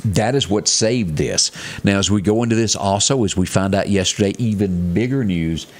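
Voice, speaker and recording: A man's voice: fairly low pitch, normal speed. A man co-hosting a morning show, reading headlines in a folksy, chatty way with asides. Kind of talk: casual news chat.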